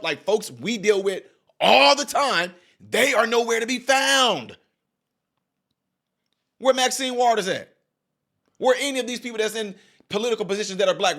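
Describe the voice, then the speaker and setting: High-voiced guy ranting at his viewers, fiery preachy commentary, keeps firing questions at y'all. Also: lively intonation, normal speed, fairly bright tone. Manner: addresses viewers directly as y'all. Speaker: political commentator. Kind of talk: reaction commentary.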